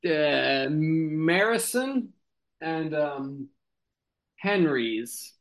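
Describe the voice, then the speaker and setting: A man's voice: on the high side, animated, very slow. A man improvising a silly comic story, rambling and giggling, with lots of ums and restarts. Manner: rambling, giggly, many fillers.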